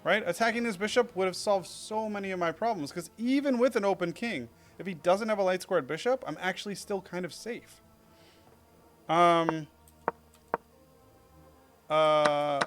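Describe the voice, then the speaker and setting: A young man casually reviewing his own chess game in a rambling, self-critical way, full of fillers. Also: sits high.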